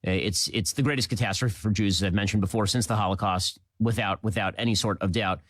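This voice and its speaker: A man delivers a political monologue at high speed, hammering his points with emphatic repetition. His voice sits fairly low, recorded close and dry, with no room around it. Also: steady tone, fairly bright tone, no room sound. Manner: rapid, emphatic, indignant delivery with repeated phrases. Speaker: political commentary host.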